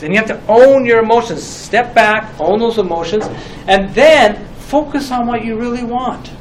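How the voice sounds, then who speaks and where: A man's voice: high voice, a little slow, slight background noise, poor audio. A middle-aged man giving a reflective talk on group communication, with many rhetorical questions. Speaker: teacher.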